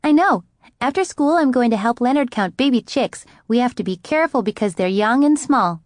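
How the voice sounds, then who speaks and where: A woman voicing an excited, bouncy little girl who talks in a loud sing-song way. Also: fairly high pitch, fairly quick, no echo, clean studio sound, pitched above the performer's own voice, close to an everyday voice.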